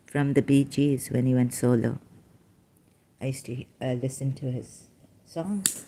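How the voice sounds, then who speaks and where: Low, slow-talking woman, emotional and rambling. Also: mellow, a little hiss or hum. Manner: emotional, rambling, breaks off mid-thought and corrects herself. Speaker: religion commentator. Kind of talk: casual solo commentary reading scripture aloud.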